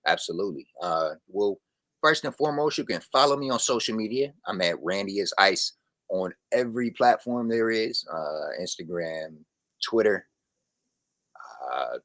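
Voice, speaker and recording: A man, a sports reporter and guest on a podcast, talking in a relaxed, slangy way and laughing easily. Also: lowish voice, moderate pace, no echo. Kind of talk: casual podcast interview.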